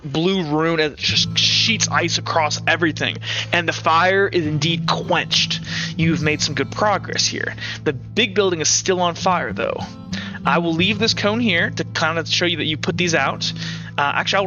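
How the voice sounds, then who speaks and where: Male game master narrating a tabletop game, rambling, higher voice, lo-fi recording with music. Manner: rambling, lots of filler words. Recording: dull lo-fi mic with music.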